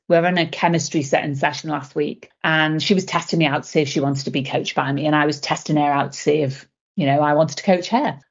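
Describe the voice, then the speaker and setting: Animated middle-aged woman, lowish voice. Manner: animated storyteller, acting out dialogue. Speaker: guest, leadership coach. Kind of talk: conversational interview answers. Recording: dull lo-fi podcast audio.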